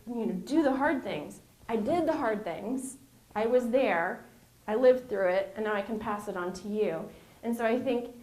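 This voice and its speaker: A middle-aged woman in an interview, telling her stories in an animated way and acting out the voices she quotes. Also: a little high. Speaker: former intelligence officer, guest. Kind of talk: interview storytelling. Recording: roomy reverb.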